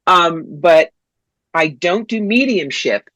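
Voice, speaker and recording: Blunt, lively woman from New York with a dry close sound, for a guest spot. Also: lowish voice, slow pace, no room sound, low-quality recording. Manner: blunt, animated, funny storyteller. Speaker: psychic, guest. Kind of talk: interview, storytelling.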